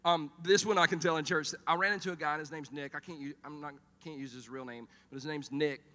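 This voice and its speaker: Middle-aged male pastor, animated joking storyteller, slightly high bright voice, church-hall reverb. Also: fast talker. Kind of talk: sermon with storytelling. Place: church auditorium.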